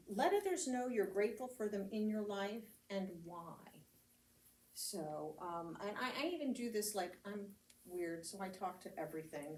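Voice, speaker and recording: In a church meeting hall, an American woman reverend gives a chatty homily, sharing stories punctuated by laughter and fillers. Her medium-pitched voice is a little mellow. She sounds distant in the roomy space, with faint ambience and a little hiss or hum.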